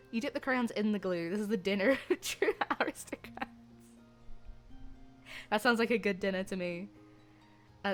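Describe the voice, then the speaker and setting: Young girl streaming, rambly and giggly, medium pitch, bit of music behind. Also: animated, normal speed, long pauses. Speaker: livestreamer. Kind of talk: casual chat with viewers.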